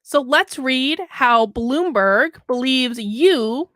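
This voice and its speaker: A woman's voice: a little high, animated, moderate pace, fairly bright tone, no echo, clean studio sound. A woman hosting a political commentary show, reading an article aloud with sarcastic, mocking asides and chatty anecdotes.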